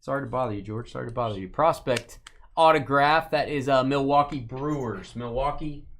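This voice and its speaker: A man runs a live card break with easy, joking chatter and banters with viewers by name. He drags out player names with showy flair on each card he calls. His voice sits at an ordinary middle pitch. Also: a little fast, a bit bright, slight background noise. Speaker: host of a live sports card box break. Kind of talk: casual live-stream commentary.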